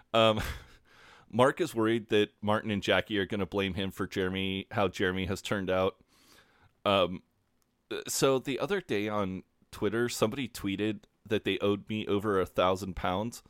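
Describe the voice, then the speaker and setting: A man's voice: on the low side, no echo, studio quality. A man co-hosting a podcast, recapping episodes from his notes in a laid-back, chatty way and laughing often. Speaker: podcast co-host. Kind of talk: casual podcast recap chat.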